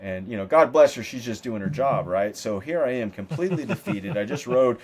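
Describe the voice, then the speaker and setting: A man's voice: medium pitch, lively intonation, fairly quick, a little mellow. A man guesting on a podcast, telling stories in a loose, profane, casual way and acting out what other people said. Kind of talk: casual storytelling interview.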